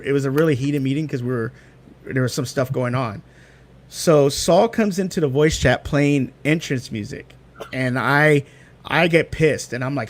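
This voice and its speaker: A man in a casual video call chat, telling a story with lively acted-out quotes. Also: mid-range voice. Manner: animated storyteller, acts out quotes.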